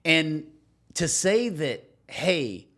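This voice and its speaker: A man co-hosting a podcast in casual chat, joking and animated, sometimes trailing off. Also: on the high side, very slow. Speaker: podcast co-host.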